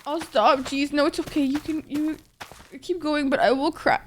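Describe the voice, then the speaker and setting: A woman with a high-pitched, fairly even voice talks a little fast while live-streaming a game, gushing to her viewers through tears and swearing freely as she thanks them. Music plays behind her.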